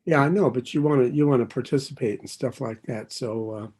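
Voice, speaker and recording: A man's voice: medium pitch, brisk, darkish tone, breathy edge. An older man giving an earnest personal share at a recovery meeting, drifting off his thread and circling back, with light chuckles.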